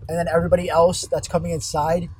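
A man's voice: a little high, level tone, fast, husky, low-quality recording. Profane young man ranting from his car. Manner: profane, exasperated, rambling. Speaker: fast-food worker. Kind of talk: profane storytime rant. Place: car on a highway. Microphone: phone. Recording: faint road noise in a car. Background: vehicle noise.

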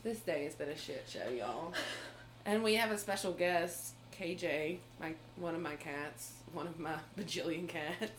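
A woman co-hosting a podcast, telling a story in a casual, animated way with frequent laughs and swearing. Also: deep voice, measured pace, a little hiss or hum. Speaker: podcast co-host.

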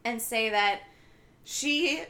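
A woman's voice: fairly high pitch, extremely slow, pushed and bright. A woman in a casual chat, thinking aloud and hesitating as she guesses how a film ends. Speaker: podcast co-host.

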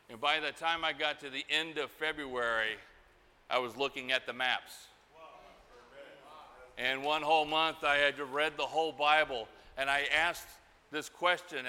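Slow, bright-voiced preacher in a hall. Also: male voice, on the high side, smooth. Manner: slow storytelling, acting out voices. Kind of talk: sermon. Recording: hall reverb.

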